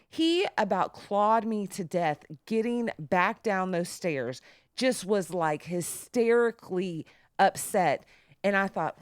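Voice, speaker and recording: A middle-aged woman co-hosting a podcast, telling stories in a casual, animated way and jumping up high when she quotes others. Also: unhurried, dry recording, studio quality. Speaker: podcast co-host. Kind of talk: casual storytelling chat.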